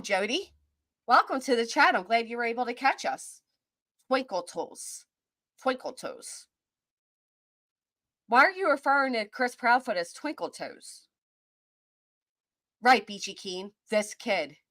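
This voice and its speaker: A woman's voice: a little high, sharp tone, no echo, clean studio sound. A woman with a Kentucky accent hosting a casual live-stream chat, reading out and greeting viewers by name as she talks.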